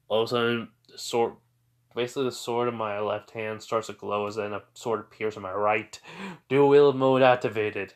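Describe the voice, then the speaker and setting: A man's voice: on the low side, steady tone, a little fast. A tired man improvising a fan fiction story aloud, rambling with lots of fillers and occasional stutters.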